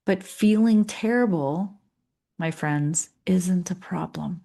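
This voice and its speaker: A woman's voice: lowish voice, slow pace, creaky, mellow. A middle-aged woman coaching people who lost school leadership jobs, talking earnestly and chatting, often acting out what her clients might say. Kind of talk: coaching session talk.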